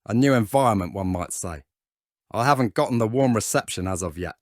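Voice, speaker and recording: A proud, self-pitying sniper rifle, played by a man speaks in a measured, haughty tone. The voice is dry and close to the mic. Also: lowish voice, animated, no room sound, lightly acted.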